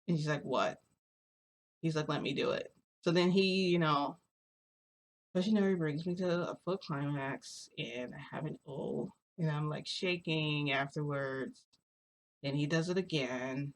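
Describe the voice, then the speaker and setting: A young adult woman telling a story as a casual vlogger. She rambles, hesitates and fills her speech with "like". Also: low voice. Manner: rambling, filler-heavy, hesitant.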